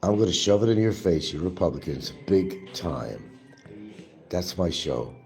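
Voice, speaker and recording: A man's voice: sits low, expressive, a little slow, a little mellow, soft background music. A man hosting his own show, delivering an angry, profane and mocking monologue. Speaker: livestream host. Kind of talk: ranting political monologue.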